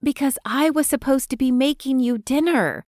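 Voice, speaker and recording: A woman's voice: high-pitched, normal speed, a little mellow, dry recording, clean studio sound, pitched above the performer's own voice, lightly acted. A woman voicing a flustered sweet young woman. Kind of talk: audiobook character voice.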